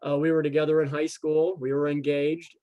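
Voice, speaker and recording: A guest on a casual chat tells a personal story in a man's fairly high voice, speaking a little fast over dull audio. He's animated, acting out the quoted dialogue and often repeating words along the way.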